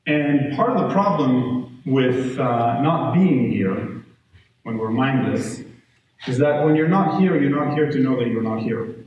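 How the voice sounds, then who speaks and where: A man's voice: medium pitch, unhurried, lo-fi sound. A man giving a conversational parenting talk to a live audience, telling stories and checking in with listeners. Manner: conversational, animated storytelling with audience check-ins. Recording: echoey room, distant mic, faint noise.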